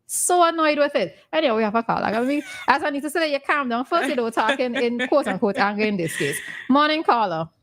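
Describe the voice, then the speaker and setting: A woman hosting a morning radio talk show, chatty and quick to laugh. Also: a little high, expressive, a bit bright. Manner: chatty, laughs often, answers with mm-hmm. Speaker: radio host.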